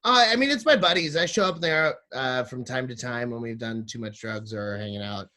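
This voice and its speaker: A man's voice: mid-range voice, lively intonation, a little fast, bright, forceful tone. A man, a podcast guest, telling a crude comic story with lots of swearing and acting out other people's lines.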